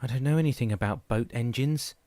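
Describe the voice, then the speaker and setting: Impulsive jovial husband, voiced by a male reader, shouty and blunt, dry sound. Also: medium pitch, a little fast, dry recording, pitched above the performer's own voice, natural voice. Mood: agitated. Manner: loud, blurting.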